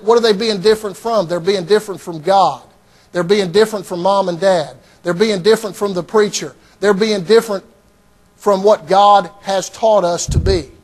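A man preaching a sermon as pastor, emphatic and repetitive, often starting lines with "hey" and "see". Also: sits high.

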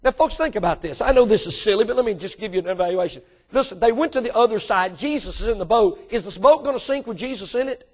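A man preaching a sermon to his congregation, emphatic and direct, asking them questions and rising into animated bursts. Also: sits high, fast, hardly any pauses. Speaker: pastor.

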